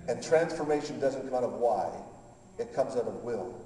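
A man preaching a sermon as pastor, rising from quiet reflection to fervent loud passages and acting out conversations with God. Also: medium pitch, lively intonation, normal speed. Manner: impassioned, builds from quiet to loud, acts out dialogue. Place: large church hall. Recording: echoey hall from far off.

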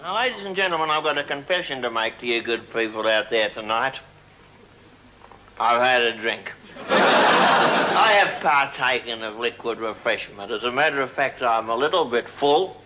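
A man doing a tipsy, pompous Australian diplomat in a broad accent, who rambles on in an inflated, formal manner. His pitch sits in an ordinary middle range. The sound comes from a hissy old 1970s TV broadcast. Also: normal speed, lightly acted. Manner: pompous, boozy, rambling speechifying. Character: drunk crude middle-aged male Australian diplomat. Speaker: comic character monologue. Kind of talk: television comedy sketch. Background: studio audience laughter.

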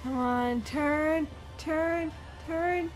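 Woman streamer, live play-by-play, very high voice, slow delivery, swears at the game. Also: soft background music. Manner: excitable, exclaiming and swearing at the game. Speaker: streamer playing a video game. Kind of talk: live gameplay commentary.

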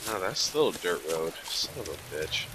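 Sleepy low-voiced man muttering commentary. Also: very animated, moderate pace, bright, forceful tone, slight background noise, poor audio. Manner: sleepy, muttering, swears under breath. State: tired. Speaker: let's play host. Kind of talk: casual gameplay commentary.

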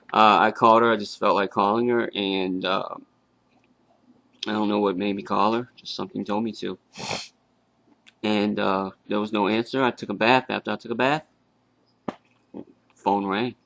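Young man, very low gravelly voice, flat and halting, dry close recording. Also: dry recording. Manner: halting, with fillers and restarts. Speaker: grieving grandson. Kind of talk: casual personal tribute.

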